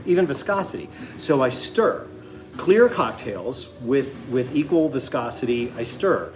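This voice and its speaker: A man's voice: medium pitch, lively intonation, measured pace, music in the background. Rambling man hosting a home cocktail show. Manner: joking, rambling explanations with many fillers. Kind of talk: casual cooking chat. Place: home kitchen.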